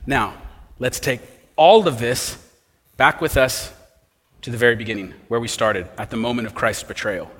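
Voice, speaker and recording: A man's voice: medium pitch, moderate pace, fairly bright tone, in a large hall. A man preaching an expository sermon as a pastor, asking rhetorical questions as he explains the text.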